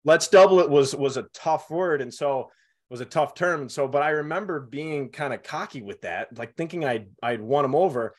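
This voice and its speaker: A young man in casual conversation, co-hosting and telling childhood stories with animated, acted-out quotes. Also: medium pitch, normal speed. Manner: animated storytelling, acts out quotes.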